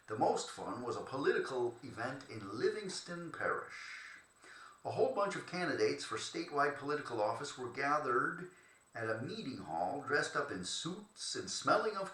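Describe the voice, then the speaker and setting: A man's voice: mid-range voice, bright, forceful tone, roomy sound, low-quality recording. A man reading his memoir aloud in a loose, chatty way, stopping to joke and fumble between passages. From Cleveland, Ohio. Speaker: termite treatment contractor telling his story.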